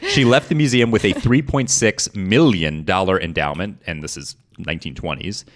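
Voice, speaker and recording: A young man co-hosting a podcast, relaxed and explanatory as he tells the story, correcting himself along the way. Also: low-pitched, moderate pace. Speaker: podcast co-host presenting the story. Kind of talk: casual storytelling chat.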